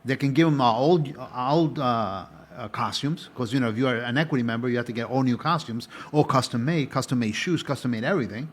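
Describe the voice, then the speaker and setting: Husky man rambling through his story. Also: medium pitch, fast, few pauses. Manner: rambling, restarts often, chatty. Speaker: guest, former stage actor. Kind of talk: conversational interview answers.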